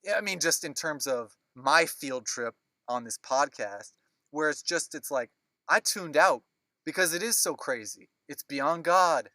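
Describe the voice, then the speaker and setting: A man hosting a movie podcast, chatting casually with quick, jokey asides. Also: fairly high pitch, animated, bright, forceful tone, no echo. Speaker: podcast host. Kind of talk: casual chat.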